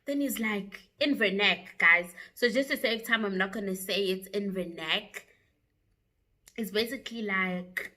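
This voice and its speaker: A young South African woman telling a story to her viewers in a chatty, animated way, with frequent asides. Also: mid-range voice, a little slow. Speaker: YouTuber. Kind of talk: casual storytime vlog.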